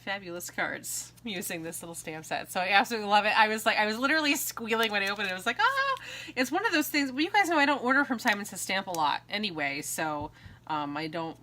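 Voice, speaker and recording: Here's a woman in her thirties from the United States, a craft vlogger showing off mail she got. Her voice sits at medium pitch, pushed and bright, with a faint hiss or hum. She chats casually, giggles, and lets sentences trail off with ums.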